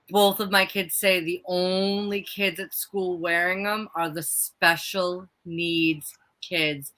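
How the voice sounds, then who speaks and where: A woman co-hosting a live stream in casual chat, chatty and animated, talking in quick bursts. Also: mid-range voice. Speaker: livestream co-host.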